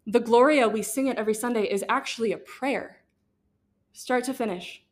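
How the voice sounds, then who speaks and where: A woman's voice: on the high side, moderate pace. Young woman, guest speaker, casual and earnest, chatty delivery full of fillers. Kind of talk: faith talk to students.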